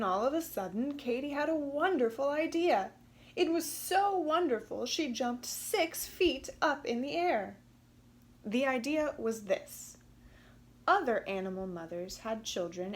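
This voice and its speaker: A woman reading a children's storybook aloud in an expressive, gently emphatic way. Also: a little high. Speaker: storybook reader.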